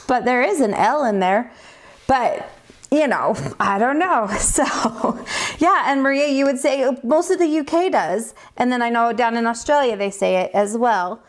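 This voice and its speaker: A middle-aged woman from the United States, a metalsmithing teacher chatting casually with viewers while teaching, laughing often and sounding tired. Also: on the high side. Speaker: livestream host, metalsmithing teacher.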